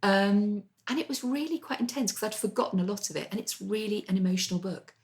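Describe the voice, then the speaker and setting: A woman's voice: mid-range voice, fast talker, darkish tone. A woman novelist co-hosting a casual chat, chatty and self-deprecating, with rambling asides. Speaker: podcast co-host, novelist.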